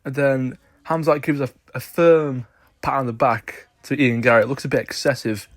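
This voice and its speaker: A man's voice: medium pitch, moderate pace, no echo, clean studio sound. A man giving opinionated sports commentary, emphatic and insistent as he argues his case.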